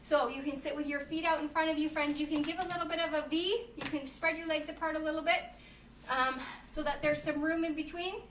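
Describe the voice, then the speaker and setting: A woman's voice: sits high, steady tone, a little fast, a bit bright, recorded from a distance. A woman who teaches yoga to children, cheerfully reading a storybook and leading a class, often calling the listeners friends. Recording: roomy echo, faint noise.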